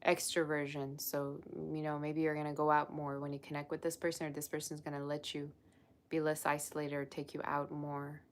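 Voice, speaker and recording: A woman's voice: sits low, monotone, fairly quick. A woman giving a live-streamed tarot reading, chatty and effusive as she gushes over the cards. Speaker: tarot reader.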